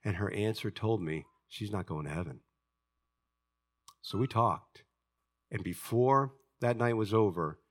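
A pastor preaches a sermon, lurching between loud, high outbursts and hushed, low passages while acting out the voices of characters in his stories. He keeps a measured pace and pauses often.

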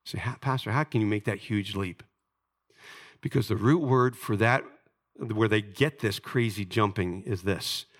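Preaching at an unhurried pace, this middle-aged pastor tells stories from scripture with drama. His voice rises to loud, emphatic highs and then falls to quiet, low passages.

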